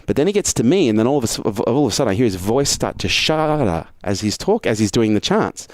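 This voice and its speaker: A man from Australia, a guest on an interview podcast, telling a story fast and animated, swearing freely. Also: mid-range voice, no room sound, studio quality.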